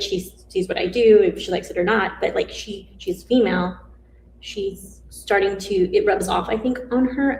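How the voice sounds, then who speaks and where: A woman's voice: medium pitch, gravelly, darkish tone, slight background noise. A woman life coach and mother, talking in a casual, reflective way about her family. She rambles, trails off and restarts her sentences. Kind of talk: casual reflective live-stream chat. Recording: roomy echo.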